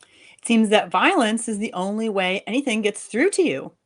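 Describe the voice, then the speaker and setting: A woman's voice: mid-range voice, expressive, normal speed, natural voice. A woman reading as a fed-up sarcastic wife. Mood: accusing. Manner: sharp, sarcastic. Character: fed-up tough young wife and mother. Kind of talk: live fiction reading.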